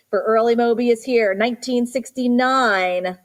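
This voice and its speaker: Brisk woman calling auction bids. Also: on the high side, steady tone. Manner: rapid repetitive bid calls mixed with slower item descriptions. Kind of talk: live auction bid calling. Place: auction studio for a livestream.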